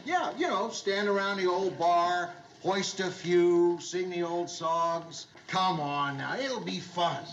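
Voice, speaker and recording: An actor playing a gruff middle-aged bar owner who awkwardly tries to be jovial, in a 1970s sitcom. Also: male voice, high-pitched, slow pace, hardly any pauses, dull audio, full character voice. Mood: forced cheer. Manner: loud, awkwardly jovial greeter. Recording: noisy old TV soundtrack. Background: sitcom laugh track.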